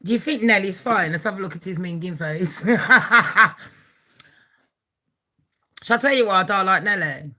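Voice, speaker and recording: Brash foul-mouthed woman with a bright voice. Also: mid-range voice, slow pace, long pauses. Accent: Birmingham. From England. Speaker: gossip channel host. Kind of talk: casual gossip vlog.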